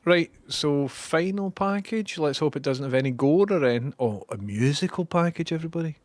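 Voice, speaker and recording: A man's voice: on the high side, expressive, moderate pace, a little hiss or hum. A man casually commenting on old TV clips, chatty and sarcastic, swearing now and then. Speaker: host reacting to archive TV clips.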